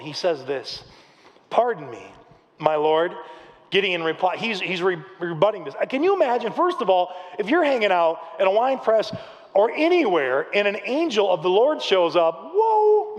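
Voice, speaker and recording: High-voiced pastor in a reverberant hall. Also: male voice, moderate pace. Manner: animated storytelling with acted-out quotes. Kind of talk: sermon. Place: large church hall. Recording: long reverb of a large hall.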